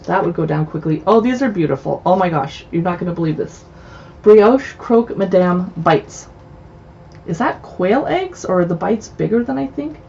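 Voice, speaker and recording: Chatty woman with a gravelly, mellow voice. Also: lowish voice, expressive, moderate pace, muffled recording, a little hiss or hum. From US West Coast. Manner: chatty, reads titles aloud with asides. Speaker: cookbook show host. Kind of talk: casual livestream book browsing. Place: home in a city.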